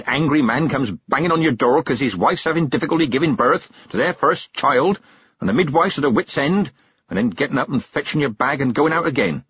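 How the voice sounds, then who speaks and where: A man voicing a stern, blunt old woman witch who talks in plain, rough country grammar, in a storybook reading. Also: medium pitch, no room sound, highs cut off, voice pushed up. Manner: gruff, plain-spoken, dropped-g country grammar.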